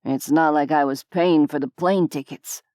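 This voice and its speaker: A woman's voice: low-pitched, steady tone, mellow, no room sound, clean studio sound, voice pushed down, lightly acted. A woman voicing a weary, hesitant grown man who halts and trails off, in an audiobook. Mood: uncertain. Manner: halting, trailing off.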